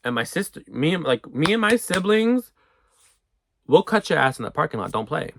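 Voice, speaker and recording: A young man telling a storytime in a casual, profane, animated way, acting out what people said. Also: a little high, moderate pace, gravelly, background noise. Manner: animated, profane, acts out quotes. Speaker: storyteller vlogger.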